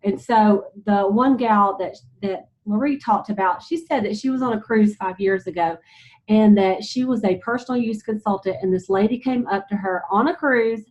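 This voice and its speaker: A woman's voice: medium pitch, moderate pace. Chatty woman giving a motivational team talk. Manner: chatty, animated storytelling, many "you know"s. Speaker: sales director speaking to her team. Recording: slightly dull lo-fi sound.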